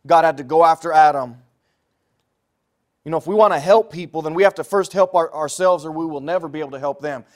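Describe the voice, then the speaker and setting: A middle-aged man preaching a sermon, telling Bible stories with a voice that rises loud and drops to a hush. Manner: lively storytelling preaching, swinging from loud highs to hushed lows.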